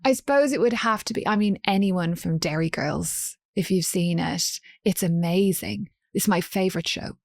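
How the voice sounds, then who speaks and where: A woman's voice: on the low side, moderate pace, creaky, hardly any pauses, dry recording, clean studio sound. Chatty Irish woman telling stories. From Ireland. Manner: chatty storytelling, laughs often. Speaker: podcast guest. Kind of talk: casual chat.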